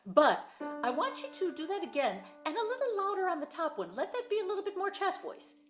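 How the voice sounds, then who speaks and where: A woman's voice: very high voice, very animated, fairly quick, soft background music. A woman voice teacher giving a singing lesson over a video call, explaining in careful detail and repeating her points.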